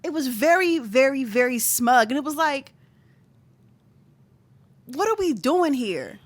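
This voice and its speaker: A woman's voice: expressive, unhurried. Fiery woman podcast co-host. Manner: emphatic, heated, swings high when outraged. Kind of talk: casual chat.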